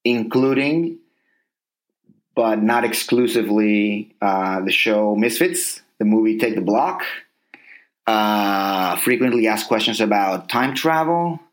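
A man's voice: on the low side, slow pace, poor audio. A man co-hosting a podcast in casual chat, rambling enthusiastically about movies and shows. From grew up partly in a Spanish-speaking place. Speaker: podcast co-host.

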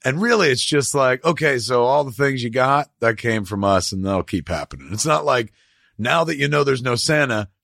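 A man hosting a casual podcast chat, telling profane, animated stories and slipping into quick put-on voices. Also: medium pitch, vocal fry, no echo, studio quality.

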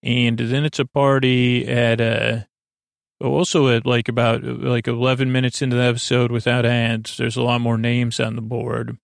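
Gravelly male voice, flat delivery, bedtime recap, dry close sound, halting with lots of fillers. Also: dry recording. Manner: halting, many fillers and self-corrections; low-key, unhurried storytelling. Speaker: sleep podcast host. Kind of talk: drowsy episode recap for sleep.

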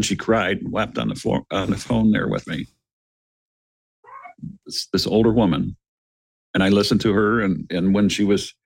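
A middle-aged man with a fairly low voice tells a dramatic story as a guest on a podcast. He speaks earnestly, calls his listeners "gentlemen," and repeats words as he builds toward each point. The sound is dry and close. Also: no echo. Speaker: guest, retired police officer.

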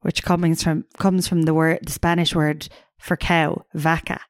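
A woman's voice: sits low, level tone, a little slow, no echo, studio quality. A woman co-hosting a podcast in casual chat, sharing facts she looked up and swearing now and then. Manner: chatty, swears casually, shares researched facts. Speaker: podcast co-host.

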